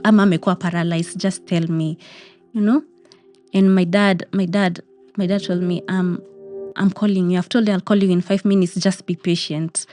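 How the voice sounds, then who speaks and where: A woman's voice: fairly low pitch, dark tone. A young Kenyan woman telling a personal story of grief, emotional and repeating phrases. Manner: emotional, repeats phrases, mixes in Swahili words.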